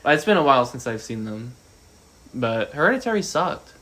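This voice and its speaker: A young man co-hosting a casual podcast, loud and animated, his voice jumping up when he gets excited. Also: mid-range voice, moderate pace. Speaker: podcast co-host. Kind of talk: casual chat.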